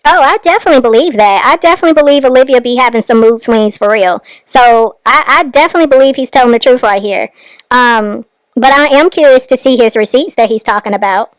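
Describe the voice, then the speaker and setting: A woman hosts a reaction channel and comments on a clip. She is calm and a little wry. Her voice is smooth and a touch high, and it is recorded dry with no room sound. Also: fast talker, no room sound.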